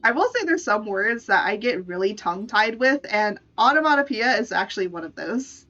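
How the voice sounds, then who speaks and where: A woman's voice: medium pitch, expressive, normal speed, bright, forceful tone, dull audio, soft background music. A woman streamer in playful, casual live-stream chat, laughing often. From United States.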